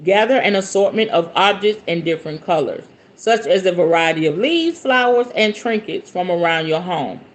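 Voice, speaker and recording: A woman's voice: fairly low pitch, normal speed, few pauses. A woman hosting a podcast, reading a book aloud and breaking off into playful, casual commentary. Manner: animated, playful asides between read passages. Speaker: podcast host.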